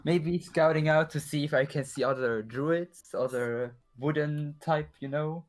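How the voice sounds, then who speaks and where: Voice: mid-range voice, measured pace. A player in a tabletop game, talking in an easygoing, hesitant way. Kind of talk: casual tabletop play.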